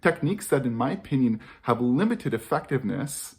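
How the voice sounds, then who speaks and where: Earnest gravelly man on parenting. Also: medium pitch, animated, fairly quick. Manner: earnest, repeats key phrases for emphasis. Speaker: parenting educator. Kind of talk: reflective talk to camera.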